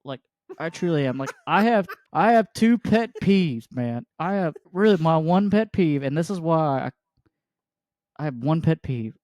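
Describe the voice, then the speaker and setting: Brief: young male host, lively storyteller, somewhat high voice, dry close sound. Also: unhurried, no room sound. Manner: animated storyteller, exasperated asides. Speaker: podcast host. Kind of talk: casual chat.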